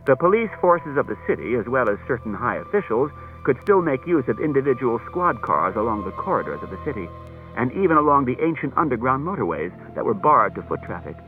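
A man reads a novel aloud as audiobook narration, with a lively, varied delivery. The sound is thin and phone-like, as from an old cassette, with faint music behind him. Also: medium pitch, a little fast. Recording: tinny narrow-band cassette tape, faint music.

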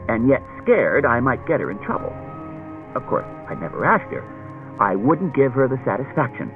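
A man's voice: medium pitch, big pitch swings, moderate pace, music in the background. A man reading an audiobook, voicing a chatty, anxious wife who tells stories in a rambling, roundabout way, on a dull lo-fi recording. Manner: rambling, circuitous storytelling.

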